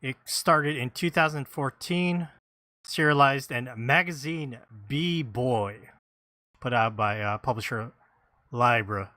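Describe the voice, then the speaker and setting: A man hosts a casual podcast, moving through credits and blurb copy with small stumbles and self-deprecating asides. His voice is bright and forward. The recording is dry and close, with almost no room sound. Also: medium pitch, slow pace, no echo. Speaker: podcast host.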